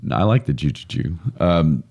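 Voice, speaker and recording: A man's voice: extremely low pitch, lively intonation, moderate pace, gravelly, a little mellow, dull audio. A man co-hosting a casual podcast, chatty and joking, often laughing at his own stories. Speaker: podcast co-host.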